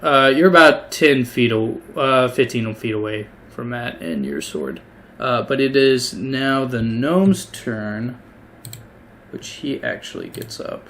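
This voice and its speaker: A man's voice: mid-range voice, sing-song, slow, a bit bright. A man narrating a tabletop game as game master, casual and hesitant with many fillers.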